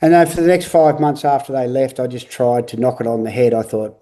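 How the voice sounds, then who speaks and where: Earnest man telling his story, mellow voice. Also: medium pitch, steady tone. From Australia. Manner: earnest, repetitive, halting restarts. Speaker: guest. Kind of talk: candid interview talk.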